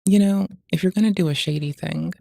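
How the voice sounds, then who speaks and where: A rambling, sweary streamer talks loosely over the videos they react to, forever interrupting themselves. The voice is dark and gravelly, and it sits dry and close on a desk mic. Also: mid-range voice, brisk, dry recording. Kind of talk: casual reaction chat.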